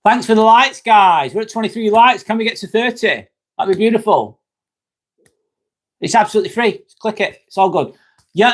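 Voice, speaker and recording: A man hosting a casual live stream, joking, laughing often and answering chat comments. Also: sits high.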